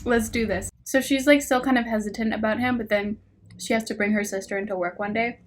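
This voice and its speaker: A woman with a fairly high voice talks through a book review in a loose, chatty way. She keeps breaking into laughter and exasperated sarcastic remarks, and she reads passages aloud with mocking emphasis. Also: steady tone, brisk. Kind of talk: casual book review vlog.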